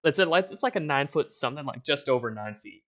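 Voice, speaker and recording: A man's voice: a little high, fast talker. Casual young man running a game. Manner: casual, relaxed, laughs easily. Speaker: game master. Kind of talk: narrating a tabletop game.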